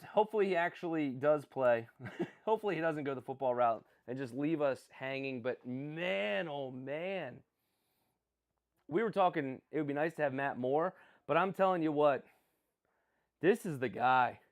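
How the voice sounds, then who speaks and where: A young man hosting a live stream, commenting on a sports draft in an excitable, rambling way and often correcting himself. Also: mid-range voice, a little fast.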